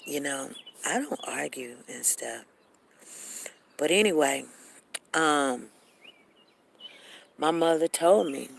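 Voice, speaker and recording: A woman's voice: very deep voice, vocal fry, slight background noise. A woman hosting a casual live chat room, acting out both sides of arguments and repeating phrases.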